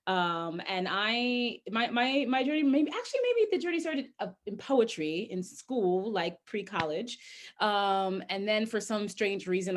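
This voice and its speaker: Chatty woman on a video call. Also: fairly low pitch. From Bucks County, Pennsylvania, US. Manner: chatty, laughing, self-deprecating, many fillers. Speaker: guest speaker. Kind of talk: casual storytelling talk on a video call.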